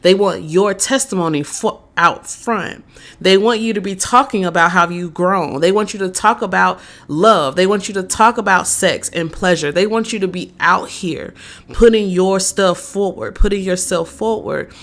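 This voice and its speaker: A woman doing a live-streamed tarot reading, talking slowly with many fillers and answering chat messages. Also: mid-range voice, fairly bright tone. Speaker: tarot reader.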